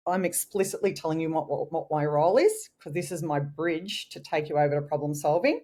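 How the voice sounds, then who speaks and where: An Australian woman, a guest trainer in a podcast interview, telling lively stories and acting out customer and collector lines. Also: low voice, brisk.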